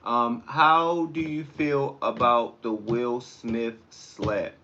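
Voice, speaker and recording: A man hosting a casual livestream, chatting with viewers and telling stories in a slangy, animated way. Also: mid-range voice, extremely slow, lo-fi sound, slight background noise. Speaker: livestream host. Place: home kitchen.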